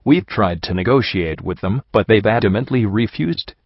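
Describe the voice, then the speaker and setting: A man reading the lines of a calm, dignified aristocratic unicorn prince in a storybook. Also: fairly low pitch, moderate pace, slightly rough, no room sound, lo-fi sound.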